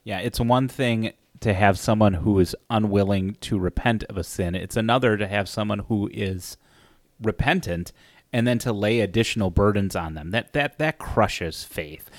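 A man co-hosting a church discussion who speaks in a measured way and reads scripture aloud plainly. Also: lowish voice, no room sound, studio quality. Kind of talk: conversational church podcast discussion.

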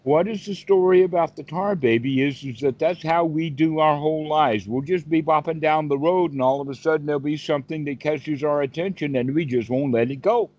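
A man's voice: on the high side, a little fast, hardly any pauses, a little mellow. A man teaching as a dharma teacher, telling a folk tale in a folksy, rambling way with many fillers on a video call. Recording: dull, dry video call audio.

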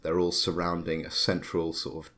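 A man's voice: sits low, completely flat delivery, moderate pace, a bit bright. A man narrating a tabletop game as game master, hesitant with many fillers and restarts.

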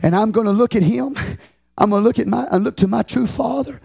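High-pitched preaching pastor, dry sound. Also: male voice, fairly quick, creaky, slightly rough, no echo. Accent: Texan. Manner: preaching with sudden loud shouted peaks and hushed low stretches. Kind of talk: sermon.

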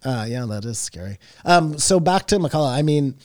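A man's voice: a little high, expressive, normal speed, a little mellow, no echo, clean studio sound. A man co-hosting a podcast in casual chat, rambling between thoughts and swearing offhandedly. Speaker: podcast co-host.

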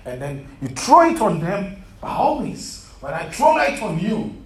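A man leads a youth group Bible study as an interactive sermon, earnestly quizzing listeners and calling them "beloved." His high voice is very animated but unhurried. The room is set up with chairs and echoes, with a distant mic and a faint hum.

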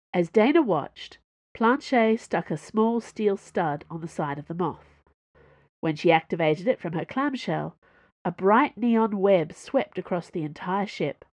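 Expressive woman reading her own fiction. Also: lowish voice, dry recording. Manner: expressive, animated storytelling.

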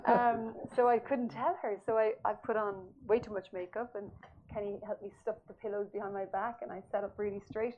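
A woman author as an interview guest, telling her story animatedly and laughing often. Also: mid-range voice. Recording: slightly dull audio with faint noise.

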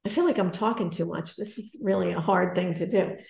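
A woman in her forties telling a personal story in casual conversation, animated and self-deprecating. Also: lowish voice, a little fast, vocal fry, reverberant.

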